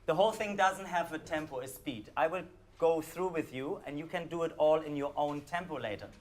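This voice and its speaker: A man with a German accent, calmly guiding a live audience through a performance score, with hesitant fillers. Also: fairly high pitch, a little fast, slight background noise. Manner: calm, instructive, hesitant with fillers.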